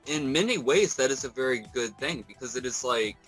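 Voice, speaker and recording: A man's voice: medium pitch, animated, fairly quick, a bit bright, faint music behind, poor audio. A man hosting a podcast, talking in an earnest, reflective way with casual swearing. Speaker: podcast host.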